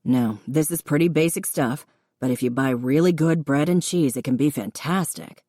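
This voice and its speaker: A laid-back young man talks a friend through a recipe, patient and encouraging, as a woman narrator puts him on. The voice sits low and deep. It is a dry, close audiobook read. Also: moderate pace, no echo. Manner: patient, encouraging, gently instructive. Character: easygoing young man, patient cooking teacher.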